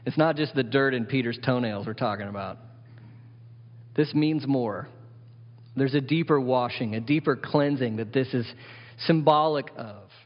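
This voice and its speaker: A pastor with a medium-pitched voice preaches emphatically at normal speed, often putting questions to the congregation. The sound is dull, with long hall reverb.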